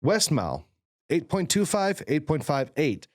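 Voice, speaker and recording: A man's voice: fairly high pitch, sing-song, measured pace. A man co-hosting a podcast, joking wryly and reading out tallies in casual chat. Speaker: podcast co-host. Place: podcast studio.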